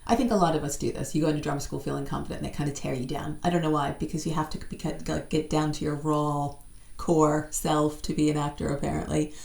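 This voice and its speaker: A middle-aged American woman chatting casually as an interview guest, self-deprecating and quick to laugh. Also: sits low, little pitch movement, creaky, darkish tone. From United States. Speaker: guest actor. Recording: echoey room.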